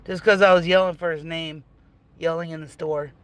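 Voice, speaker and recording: A man with a high, smooth voice chats in a relaxed way, mostly answering with short agreeing replies. His delivery stays easygoing and conversational throughout. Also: moderate pace. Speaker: parent chatting with a friend. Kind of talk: casual chat.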